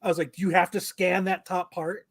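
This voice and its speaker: A male podcast co-host in casual chat, voice sitting a bit high for a man. He tells stories with a lot of swearing and plays every part himself. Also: fairly quick. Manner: animated, profane, acts out quoted exchanges.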